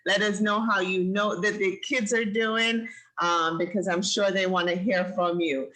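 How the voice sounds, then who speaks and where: Bright-voiced woman hosting a live show. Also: medium pitch, fairly even intonation, a little slow, rough recording. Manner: encouraging, chatty. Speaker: host of a kids' show. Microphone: video call.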